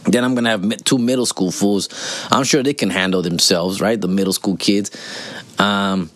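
A podcast host in his forties delivers a casual, comedic monologue in a fairly low, fairly bright voice with a steady tone and moderate pace. He's profane and slangy, switching between English and Spanish and constantly calling people "fool" and "dog."

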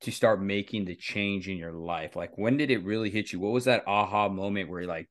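Deep-voiced male podcast host. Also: a little fast, few pauses. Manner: encouraging, backchannels often. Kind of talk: conversational interview.

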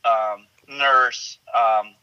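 A man, an actor guest, telling animated, rambling stories in casual chat with frequent restarts. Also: medium pitch, very slow, smooth, muffled recording.

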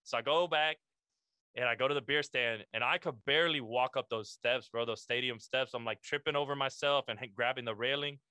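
A man's voice: medium pitch, brisk, sharp tone, clean tone, no room sound. A young man, a podcast guest, telling a casual story full of slang and swearing, calling the listener "bro".

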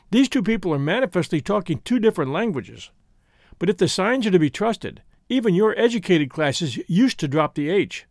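A man reads a classic essay aloud in a measured, dry manner. His voice sits high and moves with lively, animated pitch. The recording is close and dry, with no room sound. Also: dry recording. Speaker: narrator reading a classic essay. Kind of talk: scripted narration.

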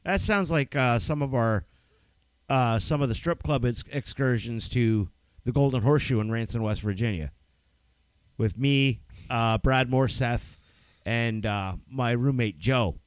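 A man's voice: medium pitch, a little slow, clean tone, no echo. A man co-hosting a podcast in loose, profane, rambling casual chat. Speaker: podcast co-host.

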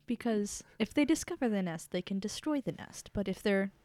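Brief: calm woman player, mellow low tone, dry close mic. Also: normal speed, no room sound. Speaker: player voicing vampire character. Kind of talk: tabletop role-play.

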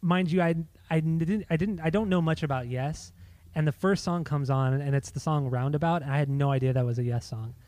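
A man's voice: a little high, a little fast, a little mellow, no room sound. Enthusiastic American guy talking music. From United States. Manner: enthusiastic, casual, swears, many fillers. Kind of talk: casual chat.

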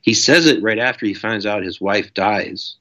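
A man's voice: lowish voice, moderate pace, pushed and bright. A man, an author, talking through his ideas in a passionate, discursive way in a casual interview. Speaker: author guest. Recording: dull lo-fi audio.

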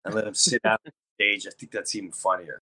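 A man hosting a podcast in casual chat, talking in a low-key, subdued way with a sore, worn-out throat. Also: fairly even intonation, fast, bright, forceful tone. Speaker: podcast host.

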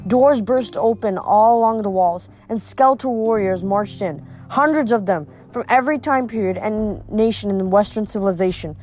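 A woman's voice: mid-range voice, moderate pace, few pauses, darkish tone, faint music behind. A woman reading a novel aloud, narrating steadily in the first person. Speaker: reader.

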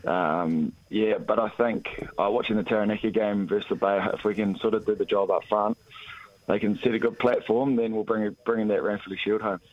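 A man with a New Zealand accent calling into a radio show, low-key and a little tired, with dry humor. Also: steady tone, brisk, highs cut off. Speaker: former rugby player guest. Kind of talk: phone interview. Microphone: phone line.

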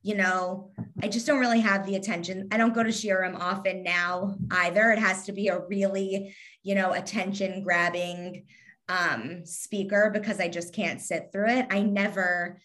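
A woman's voice: mid-range voice, fairly even intonation, moderate pace, a bit bright. A woman in her thirties from Kentucky with a light Southern twang, talking casually as an interview guest in a sarcastic, witty way with lots of ums. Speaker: guest, Instagram influencer.

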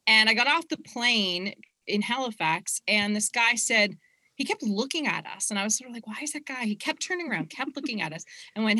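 A woman with a Canadian accent, co-hosting a podcast and telling an animated anecdote in casual chat. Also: a little high, brisk, no room sound.

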